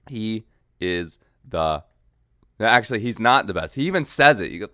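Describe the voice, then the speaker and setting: A man's voice: on the low side, lively intonation, moderate pace, pushed and bright, no room sound, clean studio sound. A man hosting a podcast, casually riffing and joking about video clips in a rambling, swearing manner. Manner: rambling, swearing, mocking riffs. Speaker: podcast host reacting to clips. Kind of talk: casual comedic commentary.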